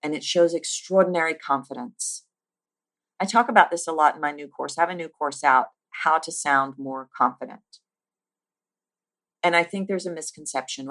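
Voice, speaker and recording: A woman teaching about speaking as a voice coach. She talks emphatically, stacks lists with rising force and slows down with deliberate pauses on her key points. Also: deep voice, fairly bright tone. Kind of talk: teaching monologue.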